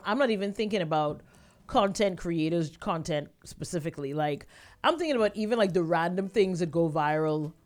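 A podcast co-host, chatting casually in a relaxed way and laughing along easily. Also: mid-range voice.

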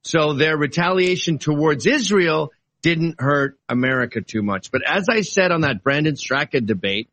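Speaking at a normal speed in a fairly high voice, a man appears as a guest in a fiery political debate. He pushes his position argumentatively and with animation, veering from offhand comments to abrupt outbursts.

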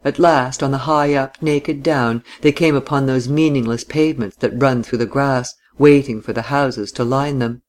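A man reading a literary novel aloud in a measured, deliberate audiobook narration. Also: medium pitch, steady tone.

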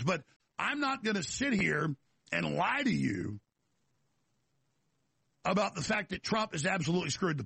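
A man's voice: sits high, creaky, fairly bright tone, husky, no echo. A man hosting a talk show, delivering a rambling, emphatic political monologue full of restarts and repeated words.

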